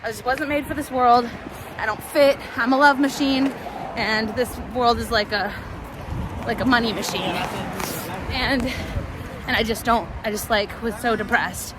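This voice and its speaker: A woman telling a rambling personal story out loud while she walks outdoors, full of fillers and restarts. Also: a little high, fairly even intonation, measured pace. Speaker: vlogger. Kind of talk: casual storytelling while walking. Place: outdoors on a city street. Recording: loud street noise around.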